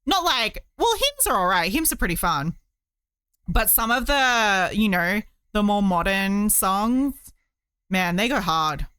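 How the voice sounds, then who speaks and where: A woman's voice: mid-range voice, very animated, a little slow, pushed and bright, smooth, no room sound, studio quality. A woman streamer chatting casually while she crochets, rambling with many fillers.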